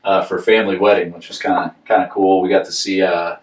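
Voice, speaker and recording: A man's voice: low voice, flat delivery, quick pace. A man with a Southern American accent, co-hosting a podcast and telling a rambling story with frequent laughs. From Southern United States. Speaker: podcast co-host. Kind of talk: casual chat. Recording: roomy echo, far from the mic.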